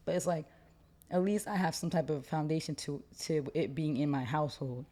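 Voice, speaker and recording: Young woman podcast co-host, low mellow voice, quick, opinionated, casual slang. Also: fairly even intonation. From United States. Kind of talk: casual chat.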